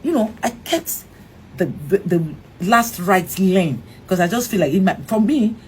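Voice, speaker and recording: A Nigerian actress in middle age recounts a frightening event as an interview guest. Her pitch leaps and dips as she acts out the dialogue, stumbling and restarting. A faint background hiss sits under her voice. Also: measured pace. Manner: animated, acts out quoted dialogue, frequent restarts. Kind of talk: emotional storytelling interview.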